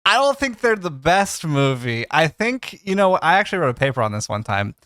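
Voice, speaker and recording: A man's voice: fairly high pitch, sing-song, a little fast, a bit bright, no room sound, clean studio sound. A man co-hosting a podcast in casual chat, rambling and correcting himself mid-sentence. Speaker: podcast co-host.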